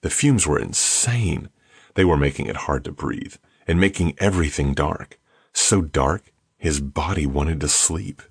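Man, audiobook narrator, husky, very deep, steady reading, dry studio. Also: a little slow, no echo. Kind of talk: scripted narration.

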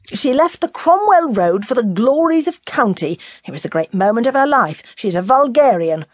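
A woman's voice: a little high, very animated, moderate pace, no echo, clean studio sound, voice pushed up. A woman voicing an indignant young man who speaks with heated, scornful emphasis in a storybook reading.

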